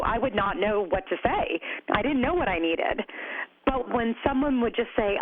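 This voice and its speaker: A woman speaks as a podcast guest, open and animated, her sentences full of "like" and "you know". Her voice comes through a thin, phone-like line. The sound is dry and close, with no room around it. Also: fairly high pitch, normal speed, no echo. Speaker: podcast guest, co-founder of a grief community. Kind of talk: conversational interview.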